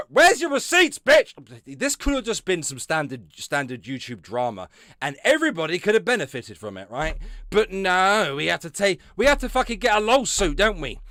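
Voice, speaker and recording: Streaming live, a man delivers sarcastic commentary, swearing constantly, often breaking into laughter and trailing off. His voice is medium-pitched with a fairly bright tone, on a dry recording.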